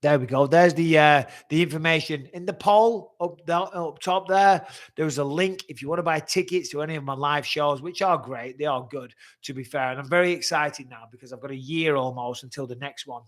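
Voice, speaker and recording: A man's voice: on the high side, a little fast. Blunt, sweary man. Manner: blunt, swears freely, reads questions aloud. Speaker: host answering viewer questions. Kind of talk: live-stream chat.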